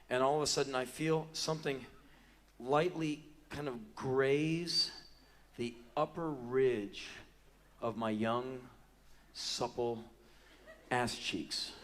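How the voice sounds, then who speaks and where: A man in his forties telling a long comic story live on a theater stage, animated and breaking into loud yelps and acted-out quotes. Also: mid-range voice. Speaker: spoken word performer. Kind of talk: live spoken word storytelling. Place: large theater stage before a live audience.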